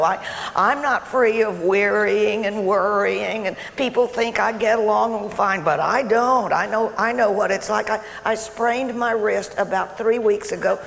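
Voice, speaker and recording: A woman's voice: on the high side, vocal fry. A woman playing a tactless, self-absorbed female visitor to a sick friend, chattering and stammering in a comic stage monologue. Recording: echoey hall, faint room noise.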